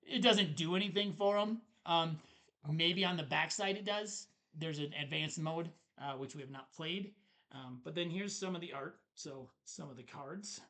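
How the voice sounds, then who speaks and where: A man's voice: fairly high pitch, moderate pace, fairly bright tone. Chatty man reviewing a board game. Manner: chatty, laughs at the card puns. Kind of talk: casual show-and-tell review.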